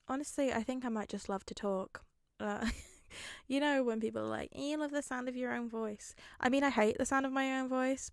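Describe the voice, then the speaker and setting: A woman's voice: medium pitch, creaky, no echo, clean studio sound. A chatty young woman rambling casually as the host of a fanfic reading, self-mocking and sometimes dropping to a whisper. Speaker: podfic reader.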